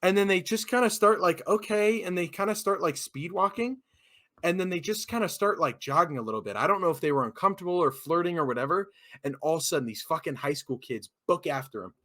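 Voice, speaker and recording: Animated young guy telling a story. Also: on the high side, fast talker. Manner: animated storyteller, swears a lot, acts out quotes. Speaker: podcast co-host telling a story. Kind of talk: casual chat.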